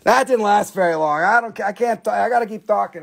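A man's voice: high-pitched, a little fast, vocal fry. A man selling minerals on a live stream, rambling, profane and self-mocking. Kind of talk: joking live sales banter.

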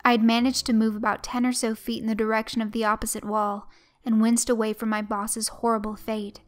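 A woman narrating a horror story in a measured, even way. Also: on the high side.

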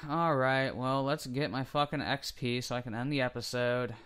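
A young man commentating his own shooter gameplay, excitable and swearing a lot, yelling when he wins. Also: medium pitch, normal speed, smooth. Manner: excitable, swears constantly, yells when winning. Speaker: gaming video creator. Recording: loud game gunfire behind voice. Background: shooter game gunfire and effects.

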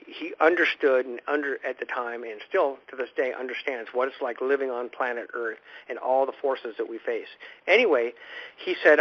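A man's voice: medium pitch, normal speed. A man hosting a spiritual radio program, teaching in an informal, rambling way and often repeating words as he restarts his thoughts. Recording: dull lo-fi radio recording.

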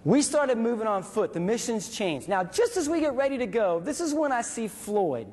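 A man with a fairly high voice delivers a vivid story in a speech, acting out sounds and voices. His voice carries a long reverb, as if in a large hall. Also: big pitch swings, moderate pace, a little mellow. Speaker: veteran speaker.

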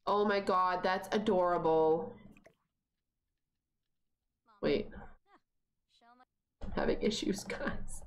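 A young woman streaming a life-simulation game, chatting casually and talking to her characters, with sudden excited squeals. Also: lowish voice, slow. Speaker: gaming streamer. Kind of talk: casual gameplay commentary.

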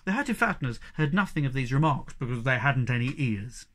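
A man narrating a children's storybook in an expressive, animated way. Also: medium pitch, fairly quick. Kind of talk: storybook reading.

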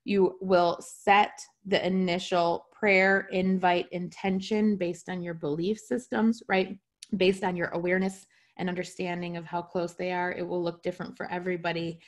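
A woman's voice: on the low side, flat delivery, normal speed. A woman teaching a spiritual class online over a video call. She talks casually, often checks in with her listeners, and jokes at her own expense. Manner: light self-mocking humor.

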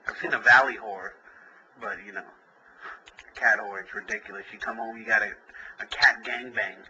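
A man's voice: on the low side, fairly even intonation, moderate pace, bright, forceful tone, muffled recording, a little hiss or hum. A man hosting a call-in show as a comedian, telling crude, rambling jokey stories.

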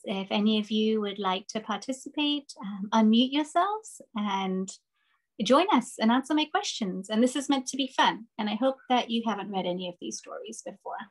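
A woman hosting a children's story time, reading picture books aloud in an animated, expressive way over a video call. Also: medium pitch. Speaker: storyteller host.

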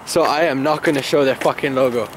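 A man's voice: medium pitch, quick pace. A young man bantering on a casual outdoor vlog, teasing and swearing, picked up by a handheld camera. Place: outdoors in a city in winter. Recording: noisy street with traffic. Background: street and traffic noise.

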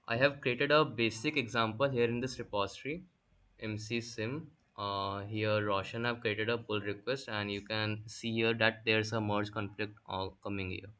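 A man's voice: mid-range voice, fairly bright tone. A young man explaining a coding topic step by step in a screen-recorded tutorial, with frequent fillers. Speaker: workshop instructor.

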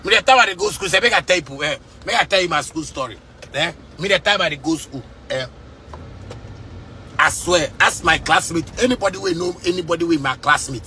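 A man's voice: on the high side, fairly quick, bright, forceful tone, a little hiss or hum. A man from Ghana with a Ghanaian Pidgin English accent, ranting to camera from inside a car in fiery, repetitive street talk. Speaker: musician vlogger. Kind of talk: casual rant to camera.

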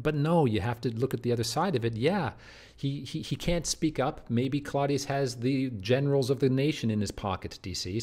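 Emphatic, lower-pitched male literature teacher. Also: a little mellow. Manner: emphatic, with many restarts and "do you see?" asides. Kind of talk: explanatory lecture.

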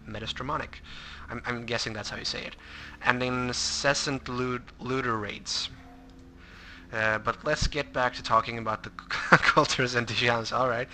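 Bright-voiced man, wry game commentary. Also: mid-range voice, a little hiss or hum. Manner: reads in-game text aloud with wry asides. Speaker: let's play commentator. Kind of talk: gameplay commentary.

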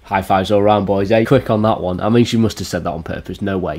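A man's voice: fairly low pitch, fast talker, a little mellow, a little hiss or hum. Sarcastic man mocking a clip. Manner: sarcastic, crude, slips into mocking put-on voices. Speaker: commentator. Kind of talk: mocking reaction commentary.

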